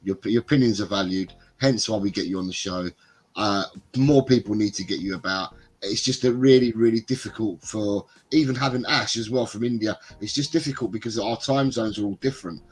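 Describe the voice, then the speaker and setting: Husky, stuffed-up man on a football stream. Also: lowish voice, a little fast, rough recording. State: congested with a cold. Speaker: show regular. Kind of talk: casual live-stream chat.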